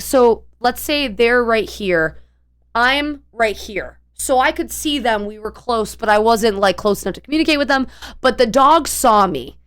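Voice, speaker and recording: A woman's voice: fairly high pitch, clean tone. A young woman streamer telling a long story in a casual, rambling way, full of fillers and restarts.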